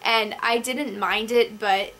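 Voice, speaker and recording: A young woman with a bright, slightly high voice talks casually and excitedly in a video chat with a friend. She giggles a lot and often stops and restarts her sentences. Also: slow. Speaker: book vlogger.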